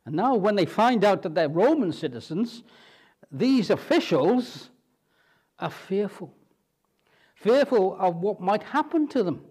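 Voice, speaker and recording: Animated preacher, lively pitch. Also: male voice, unhurried, pauses often, breathy edge. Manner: expressive, dramatizing the scripture with repeated questions. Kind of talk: sermon.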